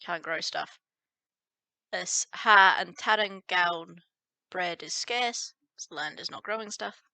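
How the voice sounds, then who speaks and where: A woman walks through a folk song as a teacher, breaking each line into words and explaining them. She speaks at an unhurried, careful pace with a bright, forward tone. The recording is dry and close, with no room sound. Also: fairly low pitch, no room sound. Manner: slow, explains word by word, sings lines. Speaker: language teacher.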